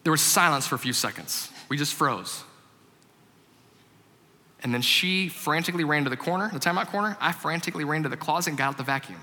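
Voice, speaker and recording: A man in his thirties preaches as a family pastor, full of lively comic storytelling. His voice is very bright and sharp, with a long reverb trailing off the walls of a large hall. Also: fairly high pitch, fairly quick. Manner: animated, shifts from loud comic storytelling to hushed reflection. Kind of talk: sermon with humorous storytelling.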